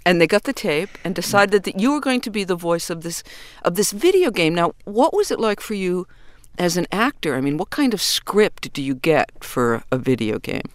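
A radio interviewer asking plain, measured questions and closing the segment. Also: medium pitch, big pitch swings, no room sound.

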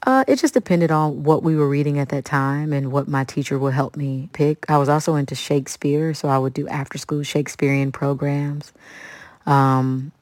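A woman in her thirties from Kansas City, an interview guest telling stories in an animated, conversational way. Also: deep voice, moderate pace, no echo. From Kansas City, USA. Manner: animated storyteller, acts out quoted voices.

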